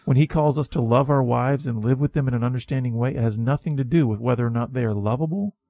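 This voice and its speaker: Male co-host, mid-pitched voice, warm direct encouragement, dry studio sound. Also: fast talker, vocal fry, no room sound, highs cut off. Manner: encouraging, heartfelt, addresses listeners directly. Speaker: Christian talk show co-host. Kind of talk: faith-based conversation.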